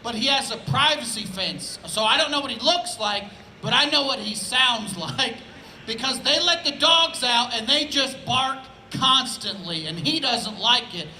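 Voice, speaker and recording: A man's voice: extremely high pitch, expressive, a little slow, pushed and bright, reverberant, a little hiss or hum, poor audio. A man from Indianapolis doing laid-back, conversational stand-up on an outdoor festival stage, often asking "right?". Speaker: stand-up comedian. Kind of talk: live stand-up comedy.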